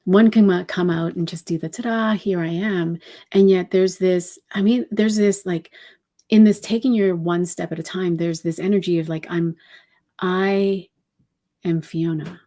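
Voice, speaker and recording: Woman, low-pitched, warm mellow voice, spiritual channeling talk, meandering and reflective, gentle. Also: fairly even intonation, a little slow. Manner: meandering and reflective, many soft fillers. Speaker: numerology reader and channeler.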